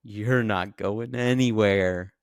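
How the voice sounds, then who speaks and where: A man's voice: fairly low pitch, slow, vocal fry, smooth, no echo, clean studio sound. A man voicing a menacing, manipulative man locked in a pantry, talking in a taunting way. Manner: taunting, pleading then threatening.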